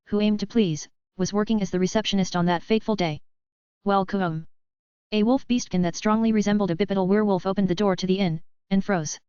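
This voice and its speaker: Female light-novel narrator with a steady read; crisp, dry, close recording. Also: medium pitch, no echo. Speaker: audiobook narrator. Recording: dry, slightly dull lo-fi.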